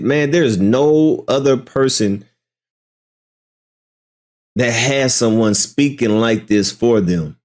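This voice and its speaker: A man's voice: mid-range voice, takes it slowly, long pauses, a little mellow. A man hosting reaction commentary, ranting in exasperated disbelief with lots of slang. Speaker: commentary host reacting to a stream.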